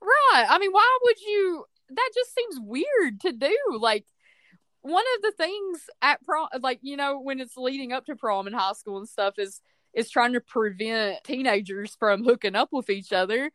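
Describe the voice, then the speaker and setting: A woman co-hosting a casual movie review podcast, opinionated and animated, often acting out quotes. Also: fairly high pitch, normal speed, no room sound, studio quality. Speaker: podcast co-host.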